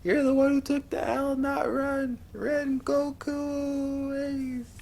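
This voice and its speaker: A man voicing a young male swordsman who yells in shrill, tearful grief. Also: level tone, slow, creaky, slight background noise, heavily acted. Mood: anguished.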